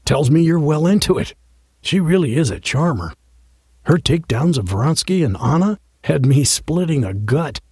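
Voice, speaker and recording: A man voicing a glib, flattering male book editor who talks in a smooth, quick way. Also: a little high, no room sound, clean studio sound.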